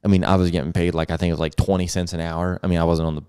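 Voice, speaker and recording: A man's voice: low voice, very fast, smooth. A man hosting a casual podcast, telling a childhood story with laughs and acted-out quotes. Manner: lively, laughing, acts out quotes. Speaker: podcast host.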